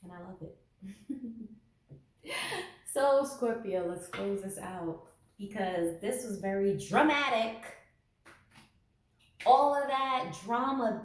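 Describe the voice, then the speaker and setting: A woman giving a casual tarot reading to camera, sarcastic and laughing often. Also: mid-range voice. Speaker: tarot reader. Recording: echoey room, mic at a distance.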